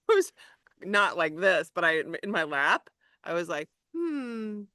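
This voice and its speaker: Bubbly woman with a bright, crisp voice. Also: on the low side, measured pace, dry recording, clean studio sound. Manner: bubbly, laughing, chatty. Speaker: health coach hosting a group session. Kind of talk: casual group chat.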